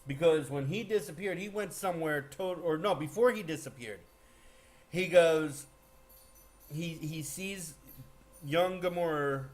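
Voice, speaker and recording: A man giving a casual, rambling movie spoiler recap, excitable, with lots of fillers and restarts. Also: on the high side, unhurried. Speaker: movie reviewer.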